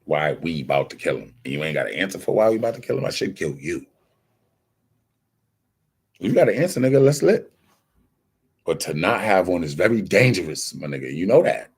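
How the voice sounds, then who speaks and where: This livestream host has an expressive bass voice with vocal fry and a slightly rough edge, talking quickly with hardly any pauses. In a casual stream he rants insistently and defensively in slang-heavy street talk, acting out the dialogue he recounts.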